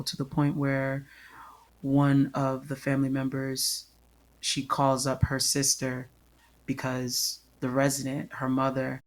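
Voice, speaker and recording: A man's voice: mid-range voice, monotone, slow pace. A man hosting a solo podcast, telling a personal story in an earnest way and repeating phrases for emphasis. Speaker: podcast host.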